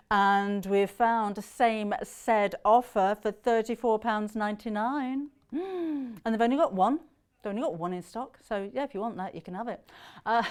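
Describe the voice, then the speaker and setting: British woman, middle-aged, bubbly live sales host, smooth clear voice, slightly high. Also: a little mellow. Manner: chatty and bubbly, frequent laughs and ums. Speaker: shopping channel presenter. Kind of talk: live TV shopping chat. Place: TV studio.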